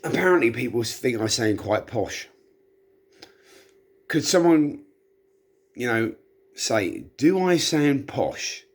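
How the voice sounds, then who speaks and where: A man's voice: mid-range voice, very animated, slow, pauses often. A middle-aged man, tipsy, rambling chattily and self-deprecatingly in a casual monologue. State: tipsy from drinking. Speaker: vlogger.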